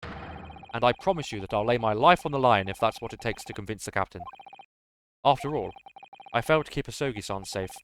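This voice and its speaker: A man's voice: medium pitch, animated, brisk, pauses often, a bit bright, slight background noise, lightly acted. A man voicing an earnest, dutiful police inspector who speaks formally, reading game dialogue aloud. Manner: formal, solemn speech.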